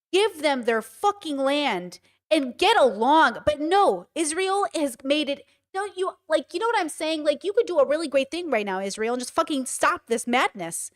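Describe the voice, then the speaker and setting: A woman streaming casual commentary, blunt and animated, swearing freely and laughing often. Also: high-pitched, normal speed. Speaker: streamer reacting to a clip.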